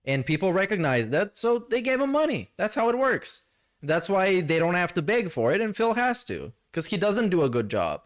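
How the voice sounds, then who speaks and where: Animated, high-pitched joking man. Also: moderate pace. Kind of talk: casual livestream banter.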